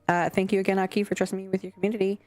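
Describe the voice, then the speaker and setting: A woman's voice: mid-range voice, little pitch movement, racing, darkish tone. A young adult woman streamer chatting casually and scatteredly with her chat, swearing now and then. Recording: faint music behind.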